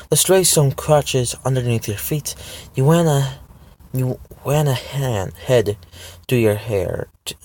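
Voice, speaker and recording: A man's voice: mid-range voice, a little mellow, no room sound. A man reading a story aloud from his car, stumbling over lines and correcting himself as he goes. His voice sits in an ordinary middle register, and the recording is dry and close with no room around it. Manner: stumbling reading, frequent restarts and self-corrections. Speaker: reader of fan fiction. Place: parked car.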